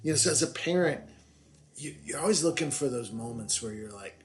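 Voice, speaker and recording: A man's voice: medium pitch, expressive, fairly quick. A middle-aged man, guest on his daughter's podcast, telling family stories in a rambling, self-deprecating way with many restarts. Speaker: podcast guest, the host's father. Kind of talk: casual storytelling chat.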